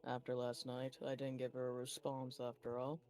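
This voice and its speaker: A man's voice: mid-range voice, completely flat delivery, normal speed, a little mellow, slight background noise. A man playing in a tabletop game, speaking in character hesitantly and stumbling. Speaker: player.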